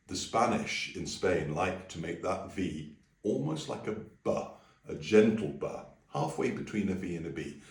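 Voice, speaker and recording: A man leading a friendly singing and language lesson, breaking into high sung phrases to demonstrate. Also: roomy sound, recorded from a distance. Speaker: music teacher.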